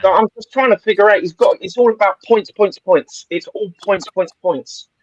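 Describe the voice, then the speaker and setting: A man's voice: sits high, moderate pace, lo-fi sound. A man giving blunt opinions in a casual football podcast chat, laughing often. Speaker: podcast panelist.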